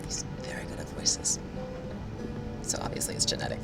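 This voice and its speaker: A woman's voice: moderate pace, in a whisper, loud music behind the voice. A woman hosting a crafting video, chatting casually and poking fun at herself for rambling. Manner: chatty and self-mocking, hums and rambles. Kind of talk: casual chat.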